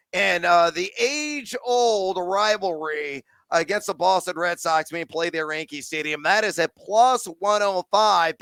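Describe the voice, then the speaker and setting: A man hosting a sports betting podcast, talking up picks with slangy hype and shouted sign-offs. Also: high-pitched, no room sound. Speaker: podcast host.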